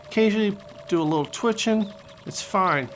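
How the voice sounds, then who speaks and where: A man hosting a video game channel, commentating gameplay with excitable, joking trash talk, over guitar music. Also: high voice, fairly quick, slight background noise. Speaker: gaming channel host.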